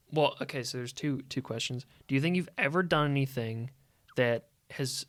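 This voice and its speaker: A young man from Ohio with an American accent, co-hosting a podcast in casual chat, relaxed and using lots of fillers. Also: mid-range voice, no echo. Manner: relaxed questioner, many "like" fillers. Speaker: podcast co-host.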